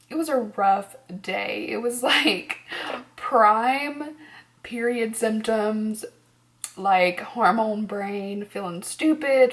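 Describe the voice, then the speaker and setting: Tired woman vlogger chatting rambly. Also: mid-range voice. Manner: rambling, laughs often, drops to near-whispers. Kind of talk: casual chat to camera. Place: at home.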